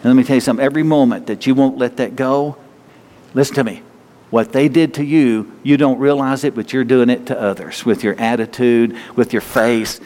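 A pastor with a mellow, mid-range voice preaches a sermon and then leads a closing prayer, speaking a little fast in a steady tone. He is fervent and repeats phrases for emphasis. The recording carries the long hall reverb of a church sanctuary.

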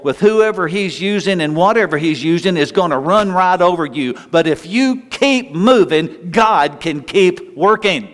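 A man delivering an animated, conversational sermon, his voice sitting a touch higher than most men's. He breaks off mid-phrase, restarts, and asks the room questions as he goes. A long hall reverb trails every line. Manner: animated, conversational preaching with frequent restarts and asides. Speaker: pastor.

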